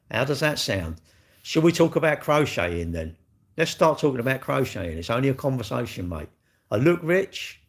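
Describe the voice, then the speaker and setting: A middle-aged man talks straight to his livestream chat, cheeky and blunt. He swears without a second thought and teases his viewers in easy, chatty banter. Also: mid-range voice. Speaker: livestream host. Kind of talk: casual livestream chat reading viewer comments.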